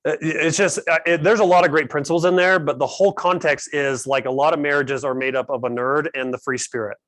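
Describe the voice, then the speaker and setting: A man's voice: on the high side, fairly even intonation, a little fast, fairly bright tone, no room sound. A man hosting a casual team meeting on budgeting, calling on people by name. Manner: upbeat, calls on people by name. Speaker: host of a team finance meeting. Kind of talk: casual group discussion.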